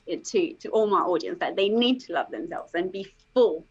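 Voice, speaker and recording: A woman coach talking as an interview guest, emphatic and animated, peppering her talk with "okay" and "like". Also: fairly low pitch, normal speed, breathy edge, dull audio.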